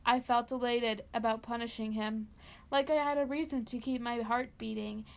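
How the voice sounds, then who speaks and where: A woman's voice: a little high, fairly even intonation, moderate pace, creaky. A woman co-hosting a podcast, reading a horror story aloud in a dramatic way and laughing between lines. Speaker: podcast co-host.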